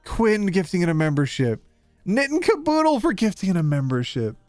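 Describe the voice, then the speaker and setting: Canadian guy streaming from home, playful and giggly, voice sits a bit high and bounces around, dry close mic with faint music under it. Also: big pitch swings, a little fast, darkish tone, no echo. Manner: bubbly and playful, laughs often. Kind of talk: casual live-stream chat.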